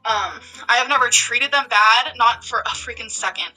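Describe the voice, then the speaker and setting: A woman's voice: a little high, moderate pace, bright, forceful tone, faint music behind, poor audio. A woman telling a story on her vlog, emphatic and heated, with many fillers like "like" and "um". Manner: emphatic, heated rant full of "like" and "um". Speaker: vlogger.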